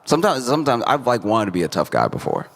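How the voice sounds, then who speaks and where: A man's voice: medium pitch, big pitch swings, fast, a bit bright, big-room sound. A man telling a stand-up story in a laid-back, wry way, laughing at his own jokes. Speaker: stand-up comedian.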